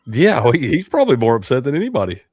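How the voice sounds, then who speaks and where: A man's voice: mid-range voice, wildly swooping pitch, darkish tone, husky, dry recording, studio quality. A man co-hosting a casual chat show, chiming in with folksy, easygoing remarks. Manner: quick, folksy, drops "man" at line ends. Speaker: co-host.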